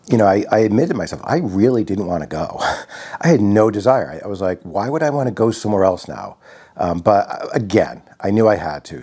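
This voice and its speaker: A man from Connecticut telling a personal story in a reflective, halting way, often restarting his sentences. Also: deep voice, warm tone, slightly rough. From Connecticut, USA.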